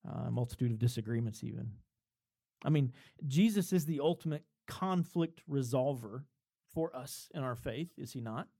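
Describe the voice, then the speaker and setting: A man's voice: mid-range voice, animated, normal speed, vocal fry, dark tone. A man preaching a sermon in a conversational way, building up to emphatic points and chuckling between them. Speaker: pastor.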